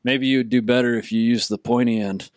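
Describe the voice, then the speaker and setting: A man's voice: mid-range voice, fairly even intonation, brisk, no echo. A man running a tabletop game for friends, rambling with restarts and laughing asides. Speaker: game master.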